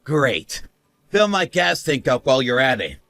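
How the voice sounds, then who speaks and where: A man's voice: mid-range voice, big pitch swings, unhurried. A man playing a sneering bully husband. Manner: sneering, mocking laughs, shouts. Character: smug cruel young husband, mocking and bossy. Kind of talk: animated story narration.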